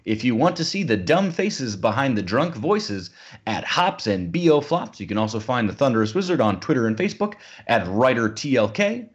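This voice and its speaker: A man's voice: medium pitch, big pitch swings, normal speed. A man hosting a podcast in casual chat, playful and theatrical in his introductions. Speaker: podcast host. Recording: dull lo-fi podcast audio.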